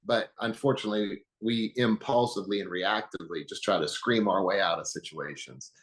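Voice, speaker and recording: A man speaking as an interview guest, calmly explaining in a teaching manner with examples. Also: on the low side, brisk, rough recording. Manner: calm, teaching, uses metaphors and quoted examples. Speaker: guest, anger management expert.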